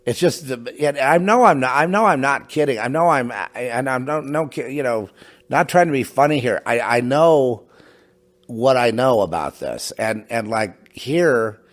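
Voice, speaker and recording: A middle-aged man from a home studio, rambling in a casual monologue, halting with many restarts and asides. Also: mid-range voice, lively intonation. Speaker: podcast host. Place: home in New Mexico.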